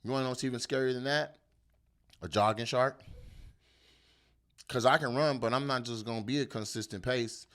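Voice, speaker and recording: A male comedian hosting his own show, riffing on the news in a loud, animated, profane rant. His voice is bright and forceful, and he keeps jumping into exaggerated bits. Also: medium pitch, moderate pace, long pauses. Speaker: comedian host.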